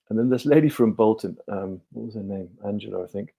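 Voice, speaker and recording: A man's voice: fairly low pitch, fairly quick, creaky, breathy edge, dull audio. A middle-aged man, a guest on a podcast, telling his life story in a rambling way full of ums and restarts. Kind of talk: relaxed storytelling interview.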